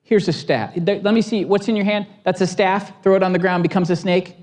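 A man voicing God as a calm, firm speaker in a sermon, lower and steadier than his own voice. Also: fairly quick, natural voice.

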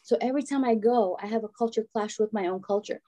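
A woman's voice: fairly high pitch, quick pace, warm tone. A middle-aged woman from Albania, talking as a guest in a casual conversation and telling stories frankly and with animation.

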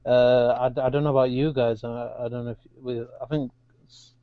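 A man's voice: medium pitch, level tone, brisk, clear, resonant tone, no room sound, phone-quality sound. A man co-hosting a casual podcast chat, talking hesitantly with many restarts.

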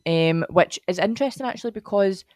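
A woman's voice: mid-range voice, brisk, darkish tone, no room sound, studio quality. A Scottish woman chatting enthusiastically on a podcast, often trailing off mid-sentence. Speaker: podcast co-host, guest sister. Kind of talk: casual chat.

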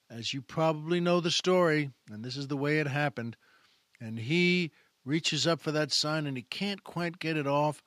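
A man's voice: on the high side, fairly bright tone, no echo, clean studio sound. A male host in a casual, folksy monologue, retelling a movie scene in detail and addressing listeners as folks. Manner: folksy, retells a film scene with acted quotes. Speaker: podcast host. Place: Southern California.

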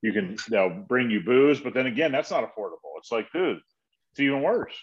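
A man's voice: mid-range voice, animated, a little fast, lo-fi sound. A man in a casual chat, rambling and calling people "dude". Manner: rambling, says "dude" a lot.

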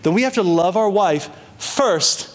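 A young man delivers a sermon in a notably high voice, leaning hard on key phrases and slowing right down to let them land. He repeats words as he builds a point and slips into little acted-out voices for quoted prayers. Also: lively intonation. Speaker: pastor.

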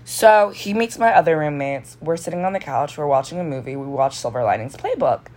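A young woman with a low voice tells a personal story in a loose, casual way. She swears freely and fills her sentences with "like". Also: lively intonation, a little fast, darkish tone. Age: young adult.

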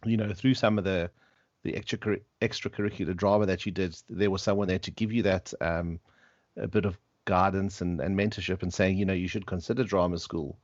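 A man's voice: low-pitched, steady tone, brisk, a little mellow, no room sound, highs cut off. A male podcast host summarizing his guest's story in a thoughtful, hesitant way. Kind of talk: casual interview.

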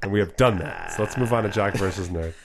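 A man's voice: fairly low pitch, quick pace, noisy background. A man co-hosting a comedy podcast, steering segments with sarcastic, laughing banter. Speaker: podcast co-host. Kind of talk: casual comedic chat.

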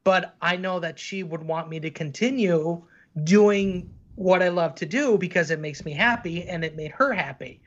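Guy telling stories on a podcast, earnest, highish voice, kinda muffled lo-fi audio. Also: moderate pace. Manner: earnest, storytelling, lots of fillers. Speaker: cartoon creator, guest. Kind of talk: casual podcast conversation.

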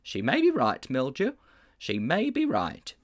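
A man playing a fretful, lovesick middle-aged schoolmaster in a storybook reading, who stammers through his confessions and swoops up in pitch when he frets. His voice is raised well above a plain reading voice and rises and falls widely. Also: wildly swooping pitch, unhurried. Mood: flustered. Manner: fretful, stammering, dramatic wailing.

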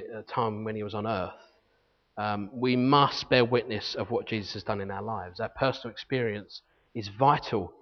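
A man preaching a sermon, teaching earnestly and reading scripture aloud. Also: lowish voice. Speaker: pastor. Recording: long hall reverb, dull lo-fi sound.

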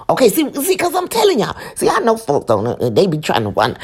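A woman's voice: fairly high pitch, wildly swooping pitch, normal speed, few pauses, darkish tone, slightly rough. A woman giving an informal Bible teaching, emphatic and repeating her phrases as she preaches.

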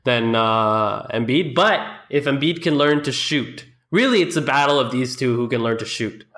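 A man co-hosting a sports podcast, agreeable and quick with short back-channel replies. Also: mid-range voice, lively intonation, a bit bright. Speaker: podcast co-host. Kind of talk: casual sports chat.

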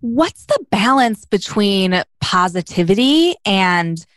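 A woman's voice: medium pitch, very animated, takes it slowly, no room sound. Curious woman host with a dry sound. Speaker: podcast host. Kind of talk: interview questions, casual chat.

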